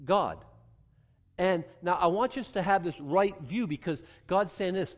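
A man preaching a sermon with a slightly high voice that rings through a hall with a long reverb. He is animated and wry, acting out voices of the characters in the scripture he reads. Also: normal speed. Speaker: pastor.

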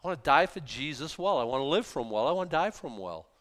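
A pastor preaches with a fairly high man's voice. He swings between loud, emphatic bursts and low, quiet asides, talking in a loose, conversational sermon style. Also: fast. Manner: animated, rising to emphatic shouted bursts and dropping to quiet asides.

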